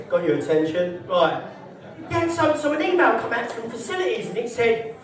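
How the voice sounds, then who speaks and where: A man's voice: very high voice, very animated, moderate pace, gravelly, heavy reverb, recorded from a distance. A man performing a live stand-up set in a social club, brash, sweary and mocking. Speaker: stand-up comedian. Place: social club comedy night, indoors.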